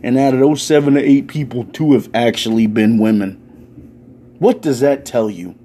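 A young man, delivering a loud, profane rant in a casual stand-up style. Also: mid-range voice, moderate pace, slightly rough. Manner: loud, swearing, ranting, animated. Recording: faint background noise.

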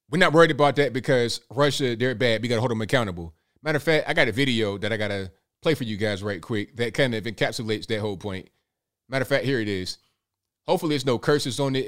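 A man giving casual political commentary, animated and sarcastic, with mocking asides and frequent repeated words. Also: mid-range voice.

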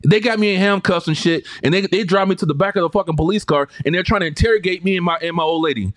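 Fast-talking man telling a wild story. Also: sits high, a bit bright, no echo, clean studio sound. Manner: rapid, profane, emphatic retelling. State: emotionally drained. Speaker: podcast co-host. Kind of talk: casual storytelling chat.

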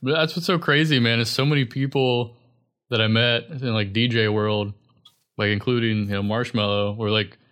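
A man's voice: mid-range voice, fairly even intonation, moderate pace, fairly bright tone. A young man chatting casually as a podcast guest, rambling loosely with lots of filler words. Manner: rambling, filler-heavy, laid-back. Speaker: guest musician.

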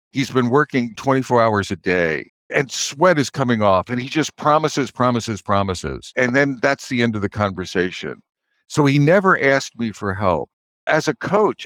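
A man answers an interview question about leadership with an animated, expressive delivery, his pitch rising and falling freely. He works through examples and acts out short bits of dialogue as he goes. The sound is dry and close, with almost no room around it. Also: no room sound. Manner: animated, explains with examples and acted-out quotes. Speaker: guest author and leadership coach.

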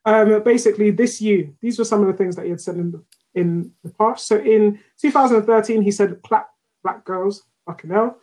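A woman with a mid-range voice co-hosts a casual podcast at normal speed, reading posts aloud amid frequent ums and laughter. She's animated and often trails off, and the recording sounds rough.

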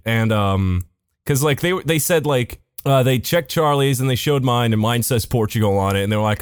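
Young man with an animated, dry voice. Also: medium pitch, moderate pace, clean tone, dry recording. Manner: swears often, laughs as he talks. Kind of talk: casual chat.

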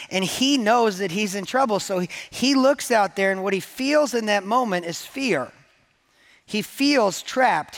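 A man's voice: high-pitched, a bit bright. A man preaching a sermon to his church in a conversational, joking way, acting out the quoted lines. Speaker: pastor.

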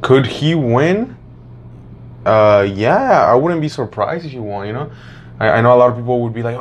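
A man's voice: on the low side, normal speed, slight background noise. A man co-hosting a podcast, offering his opinions in a hesitant, hedging way. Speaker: podcast co-host. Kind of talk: casual chat.

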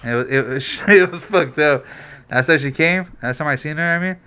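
A man with a bright, ringing voice that sits a little high tells a long story in loose street slang. He jumps into the voices of the people in it, the way a podcast co-host does. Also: brisk, clean tone. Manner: animated slangy storyteller, acts out quotes. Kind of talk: casual storytelling chat.

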